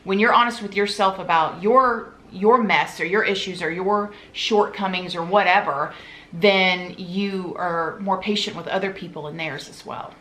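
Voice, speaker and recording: A woman's voice: on the low side, moderate pace, poor audio. A woman hosting a casual chat with friends, talking in a playful, chatty way. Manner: warm, chatty, playful asides. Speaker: host.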